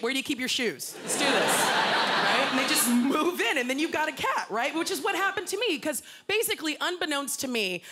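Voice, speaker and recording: A woman doing a playful stand-up routine on stage with a handheld mic. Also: sits high. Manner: animated, playful, dry asides. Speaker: stand-up comedian. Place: stage before a live audience. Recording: noisy live show with audience.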